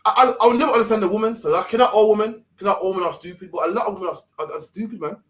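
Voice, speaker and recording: A man with a high voice talks very fast as co-host of a live stream. He rants emphatically and swears through casual commentary.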